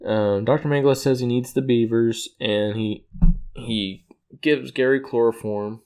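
A man's voice: medium pitch, steady tone, a little slow, darkish tone, clear, resonant tone. A man casually recapping episodes of a show, rambling, correcting himself and chuckling as he goes. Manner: rambling, self-correcting, chuckles at own retelling.

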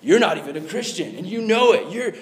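A man's voice: high voice, lively intonation, a little fast, reverberant, a crowd in the background, low-quality recording. A man voicing Satan as a mocking, accusing male figure during a sermon. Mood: taunting.

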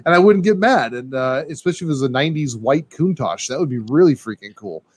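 A man in a casual podcast chat, talking in an excitable, rambling way and peppering his talk with dude and man. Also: medium pitch, quick pace, slightly rough.

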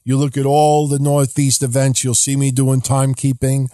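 Mellow man reminiscing on a podcast. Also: medium pitch, flat delivery, moderate pace, dry recording, studio quality. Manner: conversational, reminiscing. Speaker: podcast host. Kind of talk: casual storytelling.

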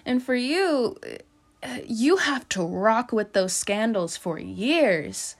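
A woman's voice: a little high, lively intonation, slow pace. A young woman hosting a podcast, giving a casual, chatty tarot reading with frequent laughs and loose filler-heavy talk.

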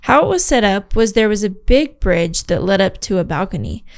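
A woman's voice: medium pitch, very animated, normal speed, creaky. Giggly woman reading a story aloud. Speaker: podcast co-host.

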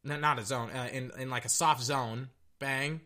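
A young man giving casual, rambling reaction commentary on a football game, excitable and tripping over his words. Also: mid-range voice, moderate pace. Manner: excitable, rambling, stutters and repeats himself.

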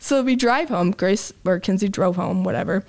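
A woman's voice: medium pitch, normal speed, darkish tone. A young woman co-hosting a podcast, telling a story in a chatty way, full of "like" and acted-out quotes. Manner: chatty, lots of "like", acts out quotes. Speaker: podcast co-host. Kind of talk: casual storytelling chat.

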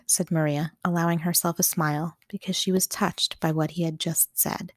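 A woman reading a novel aloud as an audiobook narrator, calm and measured. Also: fairly low pitch, no echo, clean studio sound.

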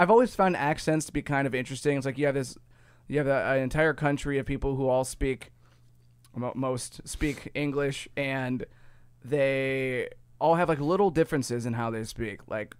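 A man's voice: medium pitch, clear, resonant tone, dry recording. A man from Ohio with a Midwestern accent, co-hosting a casual chat and explaining things in a rambling, self-correcting way. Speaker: podcast co-host.

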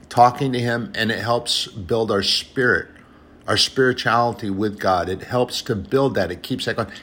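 A man's voice: fairly low pitch, a bit bright, a little hiss or hum. A man preaching an informal sermon in an earnest, conversational way, often repeating phrases and addressing brothers and sisters.

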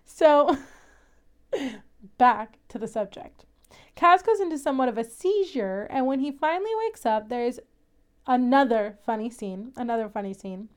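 A young woman with a high, bright-pitched voice talks through a TV episode in a loose, chatty way, giggling between thoughts. Her tone stays smooth and clean, with a light, easy quality. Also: lively intonation, a little slow. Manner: giggly, chatty, laughs often. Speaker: podcast host. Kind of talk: casual episode recap.

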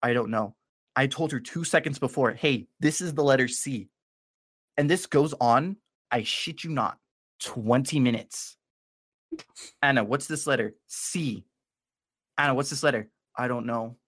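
A man's voice: medium pitch, measured pace, pauses often, a bit bright, no echo, clean studio sound. A young man co-hosting a podcast, telling a story in casual chat and acting out both sides of the dialogue. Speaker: podcast co-host.

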